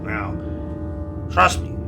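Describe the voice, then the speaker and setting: A man voicing a crude male demon trapped in a jar who talks loudly and swears a lot. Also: extremely slow, music in the background. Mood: pleading. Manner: loud, swearing, urgent warnings.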